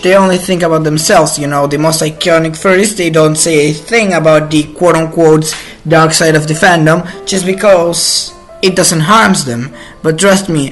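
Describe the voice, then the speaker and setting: A man hosting his own channel gives an indignant, opinionated ranting monologue, halting and restarting as he goes. His voice is on the high side with a fairly bright tone.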